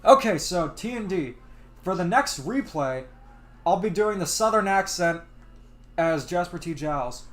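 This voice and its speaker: A man's voice: high voice, expressive, a little slow. A man hosting a gaming livestream, chatting casually and laughing as he plays and comments.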